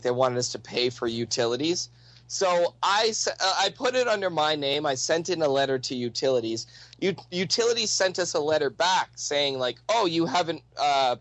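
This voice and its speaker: A man's voice: on the high side, fairly bright tone, no room sound, low-quality recording. A young man telling a wild story in casual, profane speech, laughing often and acting out the people in it.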